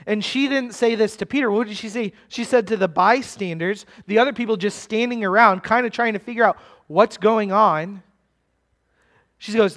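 Man, pastor, conversational sermon, questions to listeners, fairly high voice. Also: moderate pace, fairly bright tone. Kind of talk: expository sermon.

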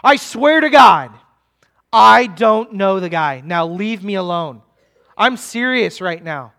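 A man's voice: sits high, expressive, slow pace, exaggerated voice. A man preaching acts out a panicked man angrily swearing he knows nothing, his voice raised and insistent. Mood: angry. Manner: forceful, louder and more insistent.

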